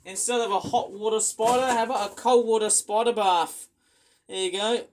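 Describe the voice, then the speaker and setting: A man chatting excitably in a rambling casual vlog, full of fillers and restarts. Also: high voice, moderate pace, a little hiss or hum. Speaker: vlogger.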